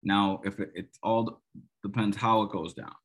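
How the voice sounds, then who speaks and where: A man with a low, husky voice breaks down football in a loose, rambling monologue. He is emphatic and opinionated, often restarting sentences and tossing in sarcastic asides. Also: steady tone, normal speed. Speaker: sports podcast host. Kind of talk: casual solo football analysis.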